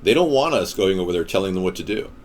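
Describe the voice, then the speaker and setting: A man's voice: low voice, lively intonation, fast talker, a little hiss or hum. A man delivering a ranting political monologue in a combative, sarcastic manner. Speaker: political commentator.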